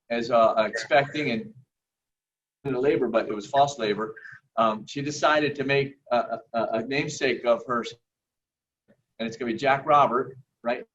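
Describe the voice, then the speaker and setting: A man telling family stories in a lively, laughing way during a video call. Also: medium pitch. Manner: lively storyteller, laughs often. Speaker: family member sharing memories. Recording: muffled, distant, noisy call audio.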